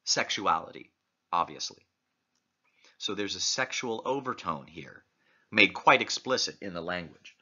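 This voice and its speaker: A man's voice: low voice, animated, measured pace, bright, forceful tone, breathy edge. A man lecturing on literature, reading passages aloud and posing many questions to his listeners. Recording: muffled lo-fi recording.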